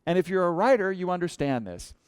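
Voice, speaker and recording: A man with a fairly high voice delivers a storytelling talk as a writer from the experience design business. He speaks conversationally and brings in the voices of other people as he recounts events. His voice is close and dry, with no room echo. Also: big pitch swings, fast talker, a little mellow, clear, resonant tone. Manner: conversational storyteller who acts out quoted dialogue.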